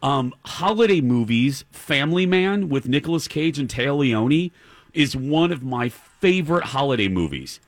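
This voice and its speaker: Animated man ranting on a podcast. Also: medium pitch, moderate pace. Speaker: podcast host. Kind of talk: casual chat about movies.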